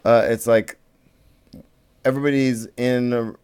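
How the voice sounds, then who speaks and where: A man's voice: medium pitch, little pitch movement, a little slow, a little mellow, smooth. A man co-hosting a casual podcast, rambling with restarts and fillers. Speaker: podcast co-host. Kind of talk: casual chat.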